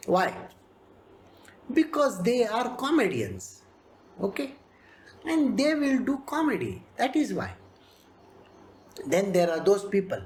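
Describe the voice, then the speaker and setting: Spiritual teacher, scripture talk, very expressive pitch, mid-pitched voice. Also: a little slow, long pauses. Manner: animated, acts out characters, laughs often. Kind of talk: scripture discourse.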